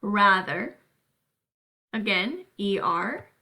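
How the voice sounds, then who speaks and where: A woman teacher giving a recorded spelling lesson to students, speaking in a clear, deliberate way. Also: medium pitch, sing-song, sharp tone.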